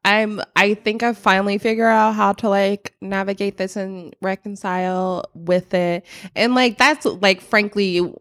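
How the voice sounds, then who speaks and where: A woman's voice: medium pitch, fairly even intonation, measured pace, a bit bright. A young adult woman co-hosting a podcast, talking candidly and profanely, full of "like" fillers. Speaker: podcast co-host. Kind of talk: casual chat.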